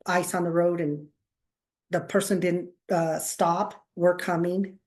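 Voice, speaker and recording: A woman talks casually as a podcast co-host, spinning stories from her counseling work. She acts out other people's lines with lively changes of voice and breaks into laughter along the way. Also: fairly low pitch, slow pace. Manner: animated storyteller, acts out quotes, laughs often. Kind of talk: casual chat, storytelling.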